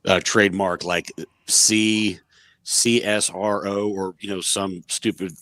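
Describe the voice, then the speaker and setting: A man's voice: lowish voice, flat delivery, takes it slowly, fairly bright tone, no echo. A man co-hosting a casual podcast, rambling and wry with lots of fillers. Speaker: podcast co-host. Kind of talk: casual chat.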